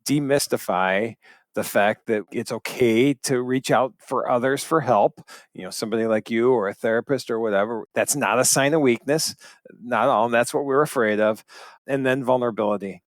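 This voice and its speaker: A man's voice: mid-range voice, dry recording. A man hosting a podcast interview, chatting casually and agreeably with his guest. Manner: agreeable, quick affirmations. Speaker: podcast host.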